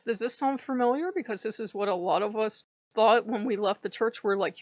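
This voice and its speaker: A woman's voice: fairly high pitch, animated, a little fast, no echo, lo-fi sound. A woman hosting a spiritual channel, talking in a casual, irreverent monologue and acting out the things people say. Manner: irreverent, chatty, acts out quoted speech. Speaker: host of a pagan spirituality channel.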